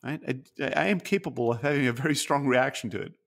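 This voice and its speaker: A man's voice: mid-range voice, fast talker, creaky, a bit bright. A man co-hosting a podcast, talking candidly and introspectively in casual chat, swearing freely. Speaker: podcast co-host.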